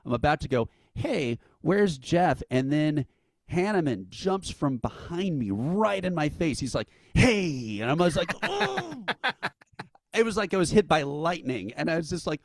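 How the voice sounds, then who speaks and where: A man's voice: a little high, a little fast, no echo. A man being interviewed as a guest, telling a long anecdote in a casual way and acting out the lines of the people in it. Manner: animated storyteller who acts out quotes with laughs. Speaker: interview guest, event founder.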